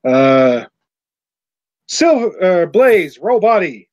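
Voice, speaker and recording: A man narrating a tabletop game as game master, in a halting way, searching for words mid-sentence. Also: sits high, very animated, a little mellow.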